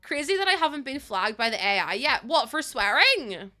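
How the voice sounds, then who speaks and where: A young woman from Northern Ireland, with a Northern Irish accent and a voice that sits high, streams live at a moderate pace. She's chatty, giggly, loose and animated, chatting casually and giggling with her live chat.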